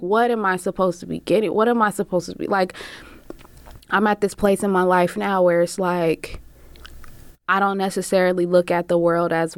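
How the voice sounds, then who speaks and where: A woman's voice: lowish voice, clean tone, dry recording. A woman, a barber and singer, telling her own story frankly with plenty of cursing, often acting out what other people said. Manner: frank and profane, many "like" fillers, acts out quoted voices. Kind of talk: candid personal storytelling.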